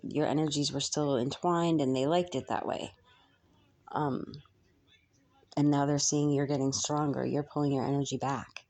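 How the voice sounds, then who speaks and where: A young woman gives a channeled spiritual reading to her viewers. Her voice sits strikingly low, and she muses aloud, hesitating often with ums as the message comes to her. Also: darkish tone.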